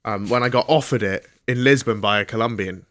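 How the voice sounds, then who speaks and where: A man's voice: on the low side, brisk, fairly bright tone, no echo, studio quality. A man co-hosting a comedy podcast, telling stories in a jokey way and acting out the people in them. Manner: jokey storytelling, acts out quoted voices. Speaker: podcast co-host. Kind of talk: comedic casual chat.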